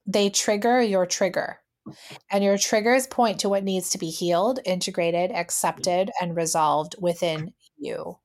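Low-voiced woman co-hosting a podcast. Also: unhurried, darkish tone. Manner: reflective, laughs often, acts out quoted voices. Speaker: podcast co-host. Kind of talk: casual podcast chat.

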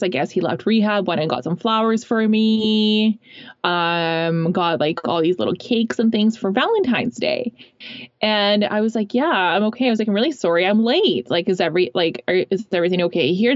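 A woman's voice: mid-range voice, dry recording. A young woman telling a personal story in a casual, rambling way, full of fillers. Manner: chatty, rambling, many fillers. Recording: dull lo-fi recording.

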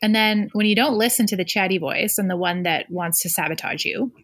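A woman's voice: lowish voice, a little fast, slightly rough. A woman co-hosting a podcast, talking reflectively with many fillers and acting out her inner voices. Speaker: podcast co-host. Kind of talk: casual podcast chat.

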